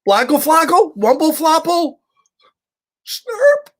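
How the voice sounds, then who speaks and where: A man voicing a desperate toddler girl who babbles nonsense syllables in a high squeal. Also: very animated, slow pace, a bit bright, exaggerated voice. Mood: pleading.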